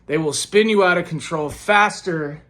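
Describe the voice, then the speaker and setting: A man's voice: on the high side, normal speed, sharp tone. A young man casually telling a personal story about addiction and a breakup, rambling with lots of fillers and tag questions. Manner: rambling, filler-heavy, frequent "like" and "right?".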